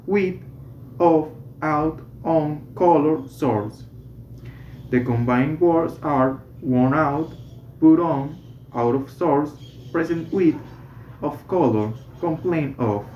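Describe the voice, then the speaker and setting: A student slowly reading a medical English textbook aloud, correcting small slips along the way. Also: medium pitch, slight background noise. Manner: slow, careful reading with self-corrections. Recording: roomy, slightly dull home recording.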